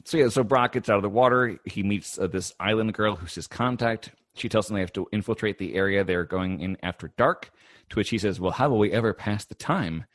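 A man telling a cartoon plot as a lively story on a podcast, quoting lines and laughing along the way. His voice sits fairly low, and the sound is dry and close, with no room around it. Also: a little fast, no echo. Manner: lively storyteller, quotes characters, laughs often. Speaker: podcast co-host recapping an episode. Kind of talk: casual chat, animated recap.

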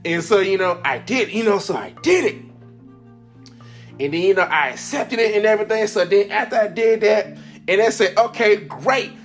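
A man's voice: sits high, animated, moderate pace, soft background music. A man hosting his own podcast, telling a story casually and animatedly, laughing often and acting out the people he quotes, a little congested. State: congested from sinuses. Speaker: podcast host.

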